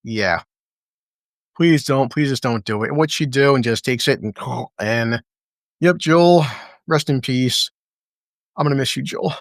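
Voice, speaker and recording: A man's voice: medium pitch, a little slow, pauses often, dry recording, clean studio sound. A man casually reviewing a TV episode, blunt and swearing a lot as he talks through the scenes. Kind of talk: casual profane reaction commentary.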